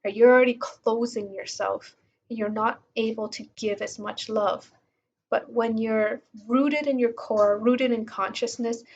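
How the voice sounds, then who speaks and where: Casting note: woman with a slightly high voice, relaxed book-commentary delivery full of fillers, muffled recording. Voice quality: casual, with fillers like um and like. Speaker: book reviewer. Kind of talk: reading aloud and commenting on a book.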